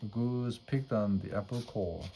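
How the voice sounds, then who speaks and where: Slow, mellow man reading a storybook. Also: lowish voice, slight background noise. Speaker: storybook reader. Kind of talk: reading aloud a children's storybook.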